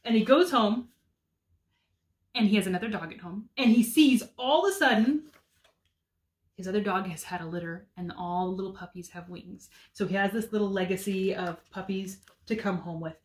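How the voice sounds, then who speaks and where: With a mid-range voice at a moderate pace, a homeschool mom in her thirties casually recommends her favorite picture books. She sounds enthusiastic and says um often.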